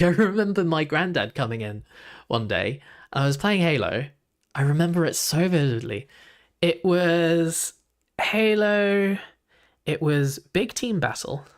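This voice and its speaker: A man's voice: mid-range voice, expressive, moderate pace. A young man, chatting casually while reacting to videos, rambling with lots of "like" and restarts.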